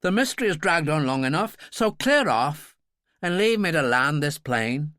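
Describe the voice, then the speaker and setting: A seasoned middle-aged pilot, as a male narrator plays him, cool and wry with a lively, rising and falling delivery. The sound is dry and close. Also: a little high, moderate pace, no echo. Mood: passionate.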